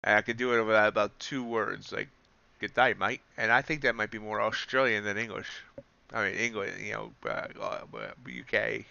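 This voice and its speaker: A man's voice: on the low side, expressive, moderate pace, gravelly, pushed and bright, clear, resonant tone, highs cut off. A man casually commenting on the futures market during a live trading stream, joking with his chat. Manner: chatty, joking asides to chat. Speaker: livestream futures trader.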